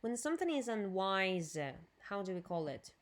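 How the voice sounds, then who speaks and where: A woman with a Ukrainian accent teaching an English lesson on video, drilling new words slowly and clearly and adding Russian explanations. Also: mid-range voice, big pitch swings.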